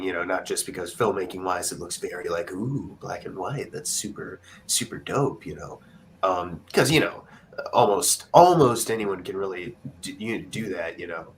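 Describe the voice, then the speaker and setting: Low-voiced young man chatting about films. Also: moderate pace, a little hiss or hum, low-quality recording. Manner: rambling, full of fillers and restarts. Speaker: co-host. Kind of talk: casual film chat.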